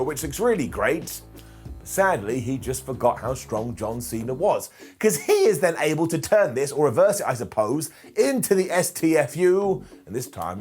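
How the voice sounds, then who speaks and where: A young man giving a jokey, animated retro wrestling review voice-over, quoting wrestlers in quick asides. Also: medium pitch.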